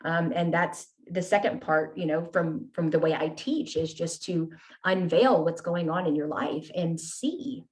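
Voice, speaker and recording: Earnest woman sharing her story, low-pitched. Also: unhurried, few pauses, darkish tone. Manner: earnest, tag questions like "right?" and "you know?". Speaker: podcast guest. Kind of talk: candid conversational storytelling.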